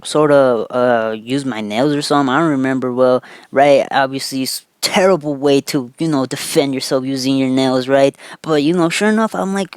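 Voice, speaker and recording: A man's voice: mid-range voice, normal speed, clean tone, no room sound. Young man rambling a storytime, "right?". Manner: rambling, repeats "right?" after almost every phrase; loose and profane, with fillers and restarts. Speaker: vlogger. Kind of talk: casual storytime monologue.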